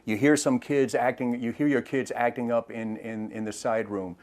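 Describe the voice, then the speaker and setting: Middle-aged man, retired officer, interview talk, steady mid pitch, plain explainer who restarts phrases. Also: moderate pace. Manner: plain, explanatory, repeats words while thinking. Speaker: retired police officer, de-escalation trainer.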